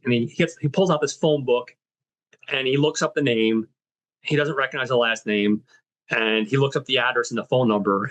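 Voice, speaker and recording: A man hosting a film podcast, casually retelling a movie's story with many fillers and quick voiced quotes of the characters. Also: mid-range voice, fairly bright tone. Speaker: podcast host.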